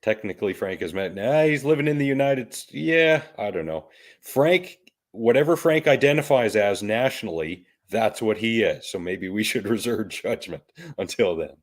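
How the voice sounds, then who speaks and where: Man, podcast co-host, low voice, dry wry asides, casual chat. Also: lively intonation, normal speed.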